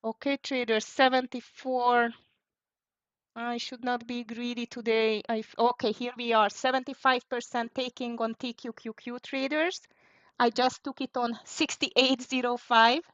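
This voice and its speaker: A woman's voice: fairly high pitch, flat delivery, a little slow, a bit bright, dry recording. Fretful woman calling live trades. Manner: fretful, thinking aloud, calling out prices. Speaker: live trading stream host. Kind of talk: live market commentary. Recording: dry, dull lo-fi sound.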